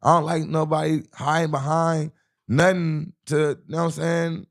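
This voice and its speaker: Speaking at normal speed, this young rapper from the US Midwest has a slightly high voice with vocal fry and little pitch movement. As an interview guest he rambles through a profane street story, frequently asking "you know what I'm saying."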